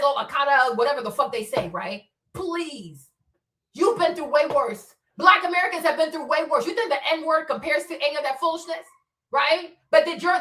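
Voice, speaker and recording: A woman's voice: very high voice, bright, forceful tone, echoey room, far from the mic. A woman hosting her own commentary show, scolding bluntly with profanity and rhetorical questions. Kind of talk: opinionated solo commentary.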